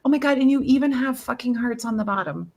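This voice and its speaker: Animated gushing woman on a video call. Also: fairly high pitch, quick pace, vocal fry. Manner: animated, gushing, swears casually. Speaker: podcast host. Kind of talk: casual chat.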